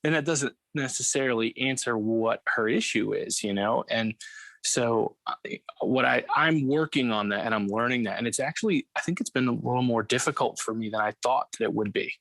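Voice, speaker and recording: A man's voice: medium pitch, moderate pace, creaky, a bit bright, no room sound. A man hosting a casual interview, talking in a conversational way with frequent filler phrases. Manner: conversational, many "you know" fillers. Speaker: interview host.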